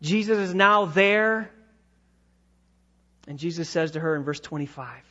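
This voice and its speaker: A man preaching a sermon, dramatic, with swings from loud emphatic lines to hushed ones. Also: on the high side, unhurried, pauses often, muffled recording. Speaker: pastor.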